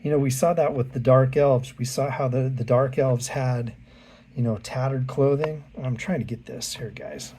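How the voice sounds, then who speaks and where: Mellow husky-voiced man chatting about art. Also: mid-range voice, normal speed. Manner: chatty, addresses viewers directly. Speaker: art channel host. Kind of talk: casual art book walkthrough.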